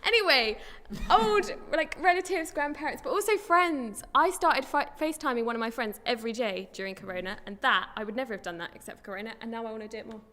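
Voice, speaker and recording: Female co-host, higher pitch, bubbly; hall reverb. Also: fast, few pauses, sharp tone. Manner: bubbly, self-conscious. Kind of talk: live church chat show. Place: church hall. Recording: hall reverb, faint ambience.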